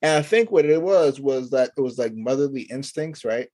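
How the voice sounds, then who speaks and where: A man hosting a casual podcast, an animated storyteller who acts out the voices of people he quotes. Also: mid-range voice, moderate pace. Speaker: podcast host and father.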